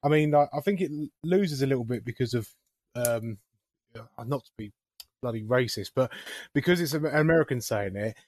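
Animated English guy, emphatic conversational delivery, dry recording. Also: medium pitch, moderate pace, dry recording. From England. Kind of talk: casual podcast chat.

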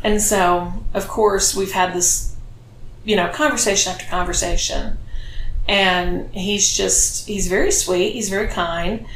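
A woman's voice: mid-range voice, fairly even intonation, a little slow, fairly bright tone. A chatty, teasing woman co-hosts a casual podcast and wanders from one story to the next. Her voice sits in an echoey room, with a faint hiss of noise underneath. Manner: chatty and teasing, drifts off topic. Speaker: podcast co-host, dominatrix. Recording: roomy echo with faint noise.

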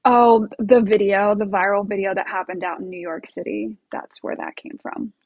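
A woman's voice: mid-range voice, fairly even intonation, moderate pace, gravelly, slightly rough, no room sound, narrow, tinny audio. A woman telling a story as an interview guest, bubbly and chatty with many fillers and laughs. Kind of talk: casual storytelling.

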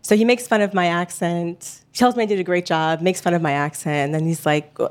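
A woman with a notably low voice answers interview questions, thoughtful and hesitant. She pauses on fillers and restarts her sentences as she works out her thoughts. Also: fairly even intonation, clear, resonant tone. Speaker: podcast host guest.

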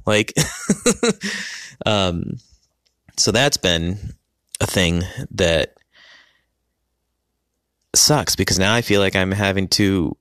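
A man casually telling a personal story about his family, halting with many ums and restarts. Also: low voice, fairly bright tone, clear, resonant tone, no echo, clean studio sound.

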